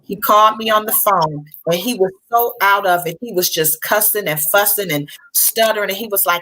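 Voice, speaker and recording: A woman's voice: mid-range voice, fairly quick, hardly any pauses, pushed and bright, low-quality recording. A middle-aged woman recounting a personal story as a panel guest, earnest and conversational. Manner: earnest, conversational, with restarts and colloquial speech.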